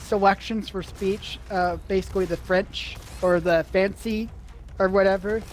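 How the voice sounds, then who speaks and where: A man chatting while playing a game, halting and trailing off as he talks. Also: high-pitched, fairly even intonation, slight background noise. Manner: halting, many fillers and restarts. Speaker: gamer. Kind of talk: casual chat while gaming.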